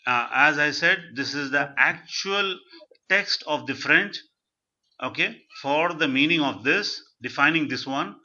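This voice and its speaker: A man's voice: a little high, expressive, a little slow, sharp tone. A man teaching French in a live video call class, repeating words as he drills pronunciation. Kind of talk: live online language class. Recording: muffled video-call audio.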